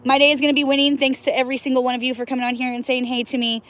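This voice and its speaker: A woman's voice: high-pitched, flat delivery, rapid-fire, a bit bright. A woman casually chatting on a livestream from outdoors by cold water, playful and laughing often, whooping now and then. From US Northwest. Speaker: livestream host.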